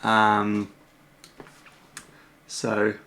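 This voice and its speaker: A man's voice: lowish voice, completely flat delivery, extremely slow, vocal fry, bright, forceful tone, slight background noise. A British man hosting a casual livestream, rambling through viewer questions with lots of fillers, restarts and self-deprecating asides from a room at home at night. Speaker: host.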